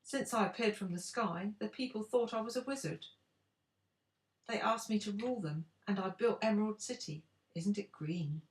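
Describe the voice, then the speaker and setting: An older woman voicing a timid little old man who pretends to be a wizard, croaky and sheepish, in a storybook reading. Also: medium pitch, normal speed, echoey room, voice pushed up, natural voice. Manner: sheepish, fumbling.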